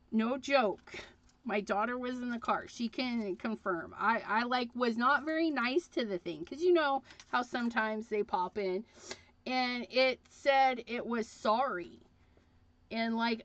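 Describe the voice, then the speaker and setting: In a dull, lo-fi livestream recording with no room sound, a woman talks casually as she crafts, rambling and using frequent fillers. Her voice is a little high and fairly bright, and her pace is measured.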